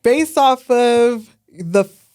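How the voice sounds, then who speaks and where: Laughing often, this playful, teasing podcast co-host has a slight lisp as she chats casually. She speaks slowly in a slightly high, slightly mellow voice with lively intonation.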